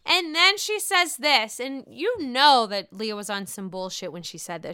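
A woman's voice: a little high, animated, measured pace, pushed and bright, smooth, no echo, clean studio sound. A young woman hosting a casual podcast, recapping a reality show in a chatty, gossipy way and swearing freely. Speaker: podcast host.

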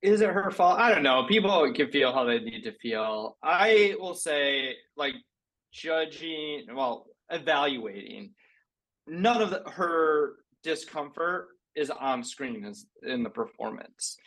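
A man who is a writer-producer, speaking as a podcast guest in a measured way, weighing his words. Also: a little high, lively intonation, fairly bright tone, rough recording. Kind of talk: casual chat.

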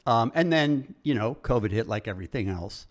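A man in casual chat who teases his co-host and then tells a story of his own in a relaxed way. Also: mid-range voice, fairly quick. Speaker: podcast co-host.

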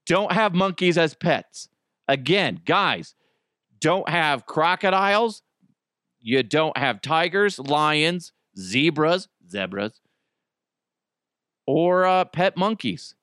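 A man's voice: fairly high pitch, lively intonation, slow, fairly bright tone, clear, resonant tone, dry recording, studio quality. A middle-aged man hosting a casual solo podcast, ranting in an exasperated, profane way and telling stories with lots of animation. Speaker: podcast host.

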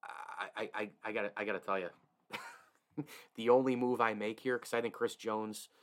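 A man hosts his own sports show in a fairly low voice. He talks in an opinionated, emphatic way. He often stumbles over restarts and chuckles to himself. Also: steady tone, normal speed. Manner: reads host-read ads. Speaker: sports podcast host. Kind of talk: solo sports talk.

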